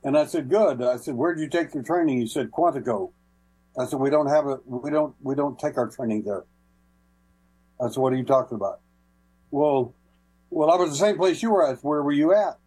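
A man's voice: mid-range voice, normal speed, dark tone, breathy edge, rough recording. A man guesting on a call-in radio show, telling folksy anecdotes with many hesitations and small laughs. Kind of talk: casual call-in radio storytelling.

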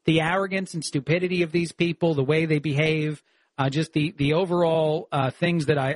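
Opinionated man, slightly high voice. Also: no room sound. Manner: animated, opinionated, frequent "uh" fillers. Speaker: fill-in radio talk host. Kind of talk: opinionated talk radio commentary.

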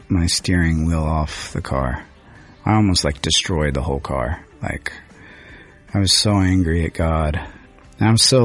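Man, very deep voice, halting emotional storytelling, lots of fillers, faint music behind. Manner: rambling, halting, with many fillers. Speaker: guest singer-songwriter. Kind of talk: emotional radio interview storytelling.

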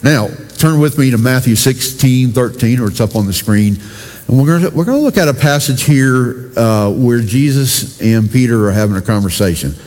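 A man's voice: medium pitch, animated, normal speed, a little mellow. A male pastor preaching a sermon in a conversational way, talking directly to his congregation. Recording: long reverb from a church hall.

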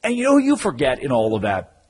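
A male sports radio host talks with a husky edge to his voice. His pitch swings widely as he works through an emphatic, story-driven monologue for listeners. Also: huge pitch swings, quick pace, a little mellow, low-quality recording.

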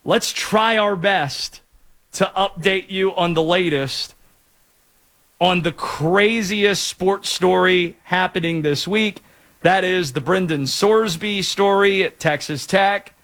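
A man from North Carolina hosting a sports talk show, chatting in a lively, jokey way with asides. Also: high-pitched, takes it slowly. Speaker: sports radio host.

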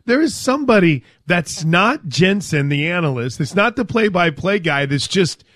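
Animated male sports radio host. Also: sits high, normal speed, no room sound, clean studio sound. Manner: animated, joking. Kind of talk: casual sports talk.

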